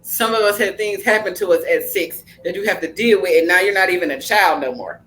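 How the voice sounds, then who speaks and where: A woman's voice: medium pitch, a little fast, a bit bright, soft background music, rough recording. Woman podcast host, blunt storyteller, cusses a little, does the voices. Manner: storytelling, acting out family dialogue; frank, blunt, with mild cursing. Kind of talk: casual podcast chat.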